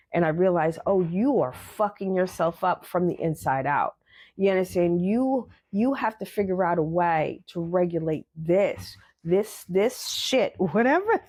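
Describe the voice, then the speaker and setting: A woman's voice: lowish voice, a little mellow, slightly rough. Woman, podcast host, blunt motivational monologue; emphatic, repetitive, casual swearing.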